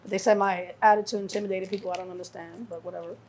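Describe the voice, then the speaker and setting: A middle-aged woman from New York, a guest telling stories in a casual interview, acting out quotes with lively swearing. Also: mid-range voice, racing, a little hiss or hum. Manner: animated storyteller acting out quotes, heavy cursing. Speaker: guest, mother of a rapper.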